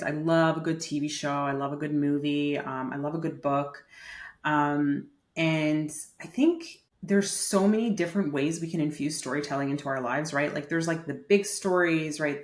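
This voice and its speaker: Guest nurse coach, woman in her thirties, lower-pitched, chatty with lots of fillers, recorded in an echoey room. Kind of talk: casual interview storytelling. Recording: roomy echo.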